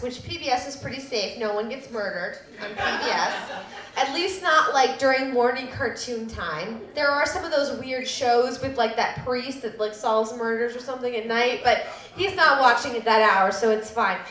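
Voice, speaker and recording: A woman's voice: on the high side, expressive, unhurried, fairly bright tone, echoey room. A woman in her thirties telling a personal story live at a public storytelling event, self-deprecating with laughing asides.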